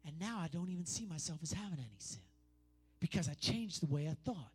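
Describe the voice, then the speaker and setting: A man's voice: on the high side, animated, fairly quick, slightly rough. Emphatic male preacher, repetitive and conversational. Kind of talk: sermon.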